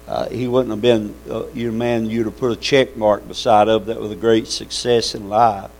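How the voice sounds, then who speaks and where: A man's voice: lowish voice, level tone, moderate pace, gravelly, a little mellow, low-quality recording. A man preaching a sermon in a folksy, fervent way, calling out amens and hallelujahs.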